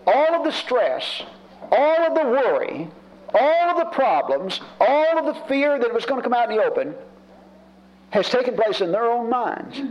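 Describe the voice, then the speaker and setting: A man delivers a sermon in a lively, high-pitched voice that rises and falls freely. He talks to his listeners plainly and builds his points through repetition. The recording sounds dull and lo-fi. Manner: conversational preaching, emphatic repetitions. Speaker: preacher.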